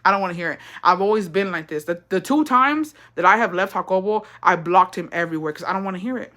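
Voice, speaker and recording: Young woman, casual storyteller: bright, blunt, profane, slips Spanish phrases into her talk. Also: on the low side, animated, fast, few pauses.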